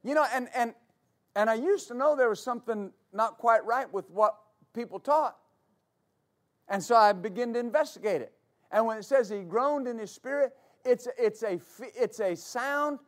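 A man preaching a sermon as pastor, explaining at length and building to shouts. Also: very high-pitched, moderate pace.

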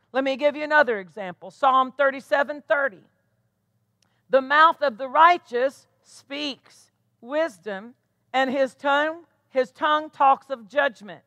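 High, bright-voiced American woman preaching. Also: no room sound. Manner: emphatic, repetitive preaching with slowed, stressed scripture readings. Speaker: pastor. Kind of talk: sermon.

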